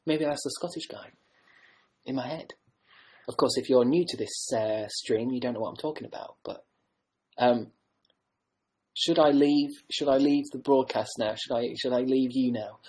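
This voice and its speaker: A man chatting loosely to his livestream viewers, his voice slightly husky. He jokes at his own expense and wanders from thought to thought. He is heard through a home webcam mic. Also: mid-range voice, normal speed, long pauses, a little mellow, low-quality recording. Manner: joking, rambling, self-mocking. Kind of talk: rambling casual livestream chat.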